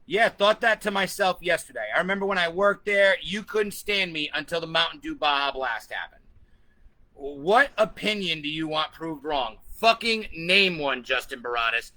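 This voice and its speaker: A man with a high, very bright and cutting voice rants to the camera, swearing freely and hammering each point home. He moves between combative tirades and answering viewer comments in a vlog. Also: expressive, moderate pace, poor audio. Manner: profane, combative, emphatic. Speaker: vlogger. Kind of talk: ranting vlog, reading comments.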